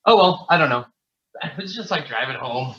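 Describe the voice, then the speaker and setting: A man's voice: a little high, animated, a little fast, fairly bright tone, slight background noise. Profane, laughing man, lo-fi sound. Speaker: podcast co-host. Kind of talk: casual chat. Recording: dull lo-fi sound.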